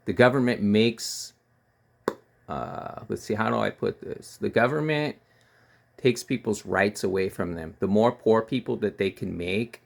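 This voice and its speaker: A man with a low, gravelly voice rants in heated political commentary. He sounds scornful and keeps hammering the same words. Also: measured pace. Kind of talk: angry ranting commentary.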